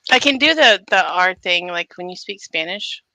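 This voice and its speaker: A woman's voice: lowish voice, animated, moderate pace, pushed and bright, no room sound, poor audio. A woman chatting casually on a livestream, playful and giggly. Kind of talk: casual chat.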